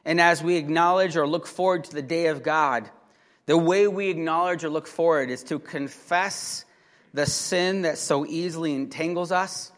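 Male pastor, fairly high voice, emphatic sermon delivery, long hall reverb. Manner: emphatic preaching, bursts of loud urgent exhortation.

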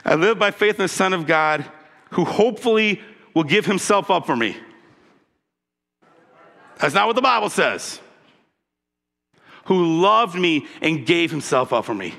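A man's voice: high voice, lively intonation, a little slow, gravelly, long pauses, a bit bright. A male pastor preaching an impassioned, emphatic sermon and calling for responses from his congregation. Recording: long reverb of a large hall.

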